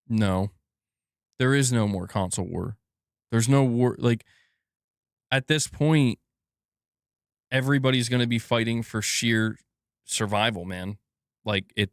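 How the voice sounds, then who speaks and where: A man's voice: mid-range voice, dry recording, clean studio sound. A man hosting a casual gaming news live stream, rambling and swearing as he reads viewer comments aloud.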